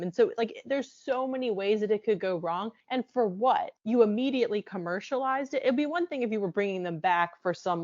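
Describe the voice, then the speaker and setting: A woman's voice: mid-range voice, darkish tone, no echo. Wry woman co-host, casual talk, dead dry and a bit muffled. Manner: wry, restarts sentences, laughs easily. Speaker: podcast co-host. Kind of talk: casual chat over wine.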